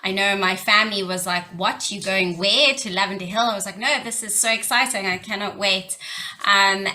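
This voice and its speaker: A woman's voice: mid-range voice, bright, forceful tone, low-quality recording. A South African woman on a discussion panel, telling her personal story in an earnest, heartfelt way. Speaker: panelist, social worker and charity leader. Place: couch panel conversation.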